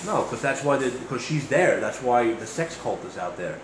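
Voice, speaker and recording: A man with a Brooklyn accent and a mid-pitched voice rambles through news stories in casual podcast banter, hesitant and joking. The room is echoey, with clear noise behind him. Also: animated, normal speed. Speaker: podcast co-host.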